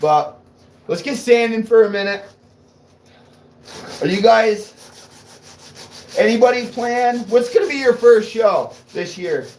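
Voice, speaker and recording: A man's voice: extremely high pitch, expressive, slow, long pauses, a little mellow, poor audio. Fired-up, rambling man on a livestream. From New England. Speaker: car audio livestreamer. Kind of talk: casual livestream chat.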